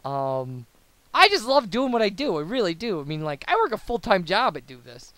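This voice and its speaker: Casual young male commentator, high voice, rambly and chatty. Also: big pitch swings, normal speed, pushed and bright, no room sound. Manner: rambling and babbling, lots of fillers and tangents. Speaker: let's play commentator. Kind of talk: casual post-commentary chat over gameplay.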